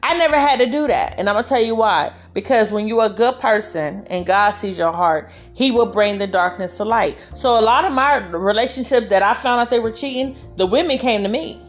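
A woman's voice: fairly high pitch, fairly quick, few pauses, soft background music. A woman vlogging relationship advice in a casual, heartfelt monologue, telling her story emphatically and speaking straight to other women.

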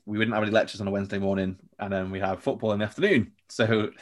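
A young man with a fairly low voice, chatting casually as a podcast guest. He tells loose, rambling stories and laughs often along the way. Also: fairly even intonation, racing. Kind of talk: casual storytelling chat.

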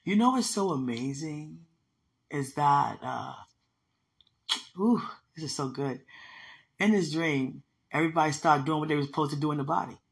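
A woman's voice: low voice, moderate pace, gravelly, pauses often. A woman preaching in an emphatic, conversational way, teaching from a dream with repeated phrases. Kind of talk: sermon-style teaching about a dream.

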